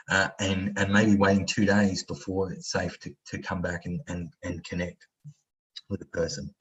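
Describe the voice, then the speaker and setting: Facilitating an online training workshop, a man talks casually with lots of fillers and voices examples aloud. His voice sits low with a level tone at normal speed, and the recording is rough.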